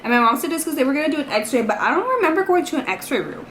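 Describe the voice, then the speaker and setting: A woman's voice: high voice, sing-song, rapid-fire, a bit bright. A young woman tells a story to her camera in a loose, rambling way. She keeps filling her sentences with "like" and "you know" as she goes. A faint hiss of noise sits under her voice. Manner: chatty, rambling, heavy use of "like" and "you know". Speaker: vlogger. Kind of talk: casual storytime vlog.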